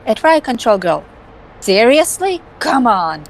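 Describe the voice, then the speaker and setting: A woman's voice: on the high side, sing-song, a little slow, a little hiss or hum, rough recording. A woman voicing a scheming, tech-savvy young woman with a wry, offhand delivery, in a fan voice acting of a game.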